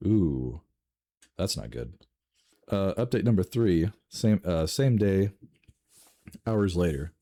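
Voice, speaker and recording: A man reading online stories aloud and reacting with laughs, swearing and sudden jumps in pitch. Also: expressive, slow pace, long pauses, dark tone. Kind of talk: casual reading and commentary.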